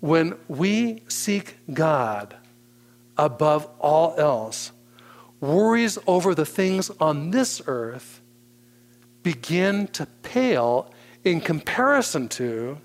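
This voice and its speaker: A man preaching a sermon as pastor, teaching slowly and deliberately with emphatic pauses. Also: fairly high pitch, very animated.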